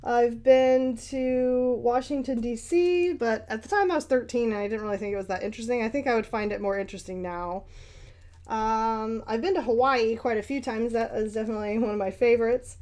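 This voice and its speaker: A woman's voice: fairly high pitch, fairly quick, darkish tone. A young American woman chatting casually as she paints and answers viewer questions, rambling with lots of ums and little laughs. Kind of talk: casual paint-along chat.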